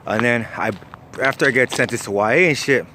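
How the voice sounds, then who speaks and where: A man's voice: mid-range voice, brisk, background noise. A young man, casually telling a wild story, slangy and profane. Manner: profane, slangy, lively, laughs at his own story.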